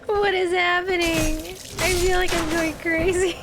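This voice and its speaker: Woman streamer, high voice, slow unhurried delivery, game commentary over a noisy background. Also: fairly even intonation. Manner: panicky, laughing, talks to chat. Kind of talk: live gameplay commentary.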